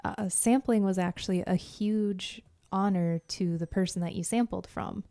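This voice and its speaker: A woman's voice: mid-range voice, moderate pace, warm tone, dry recording, studio quality. A woman co-hosting a casual podcast chat, talking about music in an enthusiastic, chatty way with lots of fillers. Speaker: podcast co-host.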